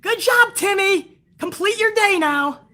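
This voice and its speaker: A man's voice: animated, a little slow, sharp tone, full character voice. A man voicing a whiny, bratty young male wrestling troll who shrieks insults and whines to his mom. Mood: shrieking bratty. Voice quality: shrill, shrieking. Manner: mocking, cursing, whining to his mom.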